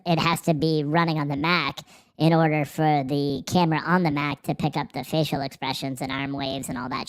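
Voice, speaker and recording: This man runs a livestream from an office, his voice altered by a pitch-shifting changer. Reading through viewer comments, he keeps things casual, swearing and sarcastic, with lots of laughter.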